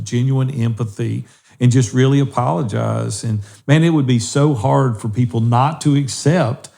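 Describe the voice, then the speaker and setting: A man's voice: medium pitch, creaky, dark tone. A middle-aged man co-hosting a faith-based podcast, earnestly encouraging listeners. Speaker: podcast co-host.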